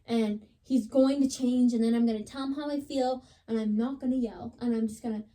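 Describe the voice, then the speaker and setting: Young woman telling a story, mellow voice. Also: on the high side, fairly even intonation, brisk. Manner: chatty, dramatic retelling, lots of "like". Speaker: podcast co-host. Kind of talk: casual chat, storytelling.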